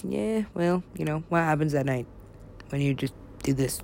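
A young woman rambles slowly to herself, her voice gravelly, cursing freely and sometimes sinking to a whisper. A faint hiss sits under the recording. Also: deep voice, lively intonation. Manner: rambling, profane, talks to herself, drops to whispers. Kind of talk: rambling solo talk.

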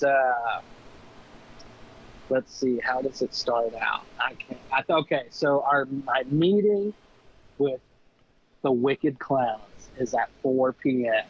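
A man telling rambling, slangy stories as a guest on a casual podcast, full of fillers. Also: fairly high pitch. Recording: dull lo-fi podcast recording.

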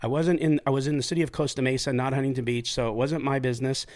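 A middle-aged man swaps stories with a co-host in loose, profane chat. He recalls his time as a police officer in a blunt, animated way, full of asides and strong language. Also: mid-range voice, quick pace. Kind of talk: casual storytelling chat.

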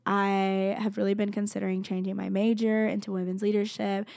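Young woman, college student, gravelly fry, earnest and heartfelt, filler-heavy casual testimony, emotional. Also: medium pitch, level tone, a little fast, darkish tone, no echo. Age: young adult. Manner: emotional, close to tears at times.

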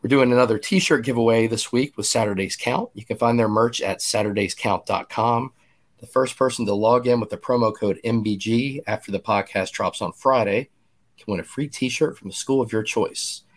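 A man in his fifties hosting a casual podcast, talking conversationally with restarts and quick asides. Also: medium pitch. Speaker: podcast host.

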